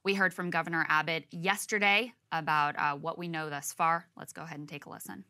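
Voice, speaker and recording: A woman co-hosts a news commentary show, her voice bright and smooth. She speaks in a sober, measured way, adding careful caveats as she lays out what is known. Her pitch sits slightly low. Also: steady tone. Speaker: co-host.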